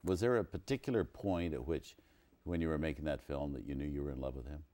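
A male interviewer with a very deep voice. He asks his questions in a measured way, with occasional hesitant fillers. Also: warm tone.

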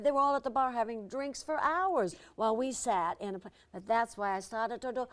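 An older actress as an interview guest, telling lively anecdotes and slipping into impressions. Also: female voice, on the high side, fast talker, few pauses. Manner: lively storyteller, slips into impressions.

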